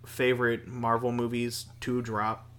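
A man's voice: mid-range voice, completely flat delivery, a little slow, fairly bright tone. A man co-hosting a casual podcast, easygoing and enthusiastic, rambling a little. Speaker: podcast co-host.

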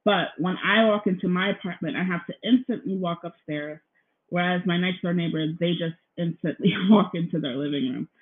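A woman's voice: lowish voice, fairly quick. A young woman talks through her solo podcast from her apartment, rambling and apologizing, with a nervous edge. Her words are full of ums and "you guys." The sound is thin and tinny, recorded straight into a laptop. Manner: nervous, feels out of breath. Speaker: podcast host. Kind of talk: casual solo podcast chat. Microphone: laptop recording, headphones in.

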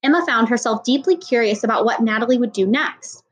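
A woman reading a children's novel aloud in steady storytelling narration. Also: a little high, brisk, husky, highs cut off. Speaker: audiobook reader.

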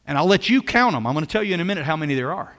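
A pastor delivers a sermon in a high, bright voice, talking rapid-fire and with animation. He repeats his phrases and keeps asking his listeners questions. A long reverb surrounds him, like a large hall.

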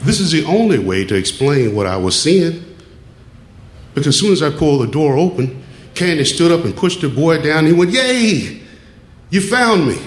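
A man telling a true personal story on stage, measured and plain, dropping his voice low at times. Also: animated. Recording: echoey room with faint ambience.

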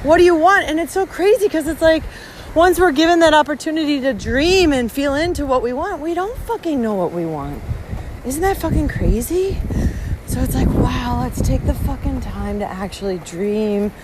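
A woman's voice: sits high, lively intonation, normal speed. Emphatic woman talking outdoors in the wind. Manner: emphatic and heavily profane. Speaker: podcast host. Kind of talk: reflective monologue while walking. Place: outdoors on a road through a village. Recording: windy outdoor recording with background noise. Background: wind and outdoor ambience.

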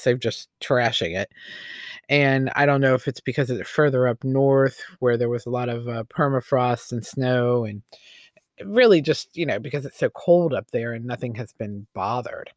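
A man's voice: mid-range voice, dry recording. A man talks through his views on a podcast, rambling and opinionated, full of fillers and false starts. His voice sits in an ordinary middle range. The sound is close and dry, with no room around it. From United States. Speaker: podcast host. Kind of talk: casual opinion monologue.

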